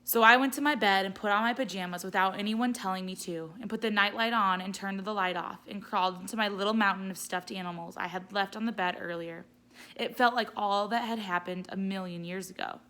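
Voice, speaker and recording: A woman teacher gently reading a children's novel aloud. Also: mid-range voice, fairly quick. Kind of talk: read-aloud storytelling.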